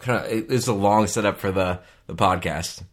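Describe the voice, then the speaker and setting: A man's voice: on the low side, normal speed. A man in his forties from the Phoenix area, co-hosting a podcast in casual, joking, rambling chat. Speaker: podcast co-host.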